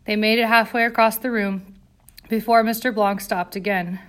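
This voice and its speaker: A woman's voice: fairly high pitch, fairly even intonation, moderate pace, a bit bright. Woman reading a dramatic story aloud. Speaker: narrator. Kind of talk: audiobook narration.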